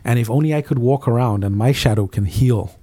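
A man telling a faith story as an interview guest, earnest and quick, often repeating his words as he goes. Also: mid-range voice, dark tone. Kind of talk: faith testimony in casual interview.

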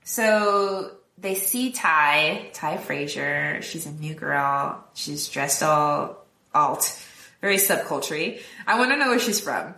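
A woman co-hosting a podcast, recapping a film in casual chat, quoting characters in quick voices and laughing often. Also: low voice, lively intonation, pushed and bright, echoey room. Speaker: podcast co-host.

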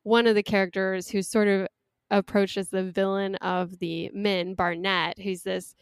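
A young woman chatting casually and animatedly, recapping a reality show with quick laughs. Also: mid-range voice, flat delivery, clean tone, dry recording, studio quality.

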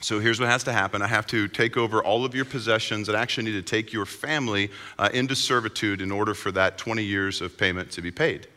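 This is a stern, businesslike master settling accounts, voiced by a preacher mid-sermon. The voice has a bright, forceful edge. It carries a long reverb, as if in a large hall. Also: male voice, fairly low pitch, steady tone, fast talker, hardly any pauses. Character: stern master demanding a man's debt.

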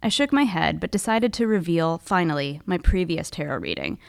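A woman's voice: lowish voice, lively intonation, normal speed, vocal fry, dry recording, studio quality. A woman hosting a podcast, telling a personal story in a wry, conversational way. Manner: wry, conversational, with casual fillers. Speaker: podcast host.

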